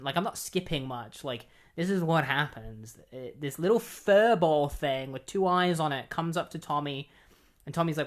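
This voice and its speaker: A man's voice: a little high, moderate pace. A man walks through a comic book plot in a loose, rambling way. He leans on filler words and sounds openly incredulous at what he is retelling. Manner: incredulous, keeps insisting he is not kidding. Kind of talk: casual recap of a comic.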